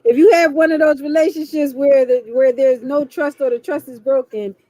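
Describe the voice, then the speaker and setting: Cohost lady, pretty high voice, thinks out loud, dry close mic. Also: fairly even intonation, normal speed, no echo. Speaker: podcast co-host. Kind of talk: casual chat.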